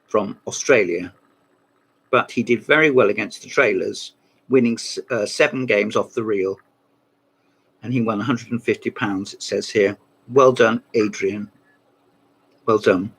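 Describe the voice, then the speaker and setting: A man's voice: medium pitch, vocal fry, fairly bright tone, slightly rough. A man in a rambling comic monologue about old books, breaking off into mock phone calls and asides. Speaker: comedy book reviewer.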